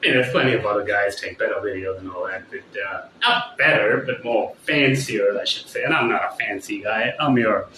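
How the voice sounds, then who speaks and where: A man's voice: on the low side, fairly quick, hardly any pauses, pushed and bright, roomy sound, a little hiss or hum, poor audio. A man ranting on his vlog in a rambling, heated way, full of swearing. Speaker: vlogger. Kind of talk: casual vlog rant.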